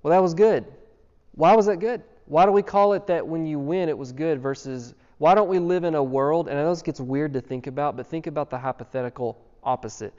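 A man's voice: on the high side, brisk, hardly any pauses, a little mellow. A man preaching a sermon, earnest and emphatic, asking his listeners one rhetorical question after another. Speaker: pastor. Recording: dull sound with long hall reverb.

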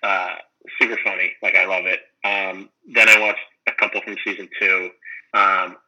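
A man chatting casually, rambling and animated as he retells funny scenes, full of "like" and "um". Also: low-pitched, normal speed, lo-fi sound. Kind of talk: casual chat about a sitcom.

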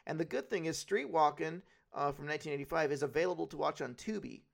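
A man's voice: fairly high pitch, fast talker, creaky. A man co-hosting a podcast in casual chat, rambling and swearing freely as he retells film scenes. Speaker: podcast co-host.

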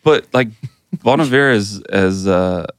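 A man's voice: lowish voice, unhurried, clean tone, no room sound, clean studio sound. A man co-hosting a pop culture podcast, talking casually and restarting sentences as he argues a point. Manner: laid-back, restarts a lot while arguing. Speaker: podcast co-host. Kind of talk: casual chat.

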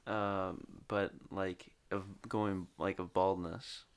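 A man's voice: low voice, level tone, takes it slowly, clear, resonant tone. A young man co-hosting a podcast, laid-back and rambling in casual chat. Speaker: podcast co-host.

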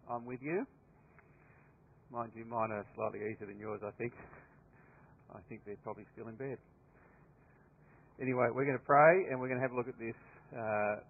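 A man in his fifties with an Australian accent, preaching a sermon in a relaxed, conversational storytelling way. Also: mid-range voice. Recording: tinny lo-fi line with long hall reverb.

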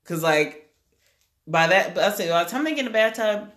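Chatty animated parent in an echoey room. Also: mid-range voice, brisk. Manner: animated, peppered with "like", laughing storyteller. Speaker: parent sharing bedtime struggles. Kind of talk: casual chat. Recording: roomy echo.

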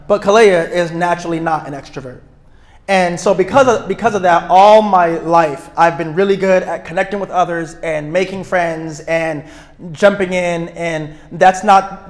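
A man speaking to a room of couples at a retreat, energetic and outgoing, often checking in with his listeners. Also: high-pitched. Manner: energetic, self-described extrovert; checks in with listeners, asking "right?". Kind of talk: live talk to an audience.

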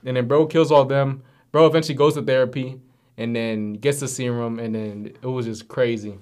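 A man's voice: mid-range voice, fairly quick. A man co-hosting a laid-back podcast, recounting episode plots with lots of slang and "you know"s. His voice sits in an ordinary middle register. He talks like he's telling a friend a story. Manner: animated storyteller, heavy slang and fillers. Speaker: podcast co-host. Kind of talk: casual chat, retelling cartoon plots.

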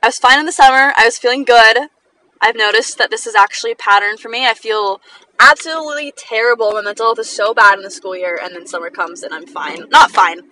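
A woman's voice: a little high, fairly quick, bright, forceful tone, a little hiss or hum, low-quality recording. A young woman telling personal stories in a casual chat while driving in a car, filling her talk with "like" and laughing often. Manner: chatty, fillers of "like", frequent laughter. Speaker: vlogger.

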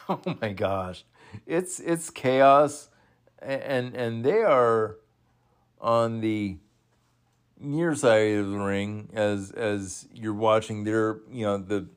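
A man hosting a casual watch-along. He talks at an unhurried, measured pace and keeps breaking into excited exclamations and chuckles. His speech halts often with fillers and restarts. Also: lowish voice. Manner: excitable, exclaims and laughs at the action, halting with fillers.

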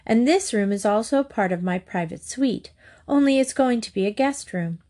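A woman voicing an eager young girl in a storybook reading, chatty and excited about her new house. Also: on the high side, normal speed.

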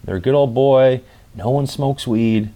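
A man's voice: mid-range voice, unhurried, lo-fi sound. A man vlogging in loose, slangy storytelling with frequent swearing. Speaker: travel vlogger. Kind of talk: casual storytelling monologue.

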